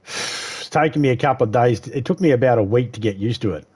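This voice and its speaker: A man's voice: medium pitch, fast talker, a little mellow, husky. A man chatting casually on a live game stream, swearing freely, laughing often and rambling. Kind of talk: casual gaming chat. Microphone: headset.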